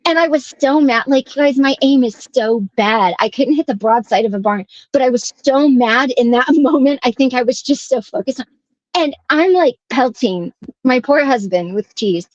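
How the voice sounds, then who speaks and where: A woman co-hosting a casual chat show, telling a story with animation and acting out quotes in a higher voice. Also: expressive, moderate pace, darkish tone, no echo, lo-fi sound. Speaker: co-host.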